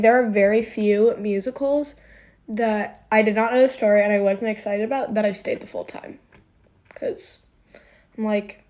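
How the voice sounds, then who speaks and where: A bubbly young woman talks through her morning makeup routine in a loose, chatty way, and "like" slips into nearly every sentence. Her voice sits at a middle pitch and comes through close on a phone mic. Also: darkish tone. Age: young adult. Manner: chatty, bubbly, filler-heavy with many "like"s. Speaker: beauty vlogger. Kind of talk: casual get-ready-with-me chat.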